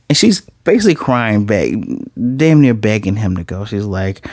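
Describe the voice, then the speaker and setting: A man casually recapping and reviewing an anime episode, animated, slipping into quoted dialogue as he retells scenes. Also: on the low side, moderate pace, dry recording, studio quality.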